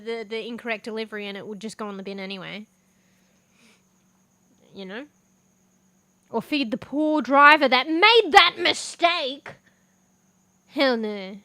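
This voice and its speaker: A woman's voice: a little high, a bit bright, dry recording. A young woman streaming as a VTuber, chatting casually while eating, swearing freely and laughing often. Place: home room with a fan.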